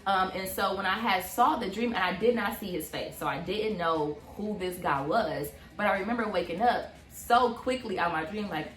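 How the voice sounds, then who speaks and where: A young woman in her twenties, casually telling a personal story on a couple's vlog, animated and full of fillers. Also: medium pitch, moderate pace, hardly any pauses, echoey room. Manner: animated, many fillers, acts out quotes. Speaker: vlog co-host.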